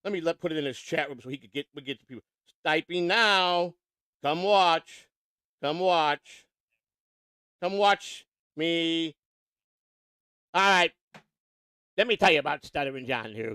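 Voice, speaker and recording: A man's voice: a little high, animated, a little slow, long pauses, sharp tone, clear, resonant tone, dry recording. A man hosting a livestream, ranting angrily and mocking someone with lots of swearing. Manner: angry, mocking, repetitive. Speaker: livestream host. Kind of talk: profane livestream rant.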